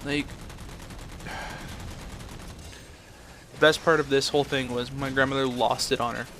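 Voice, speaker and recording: A man's voice: mid-range voice, steady tone, a little slow, fairly bright tone, slight background noise. A young man ranting in a blunt, profane way, telling a story and then commenting on his game footage. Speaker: gameplay commentator.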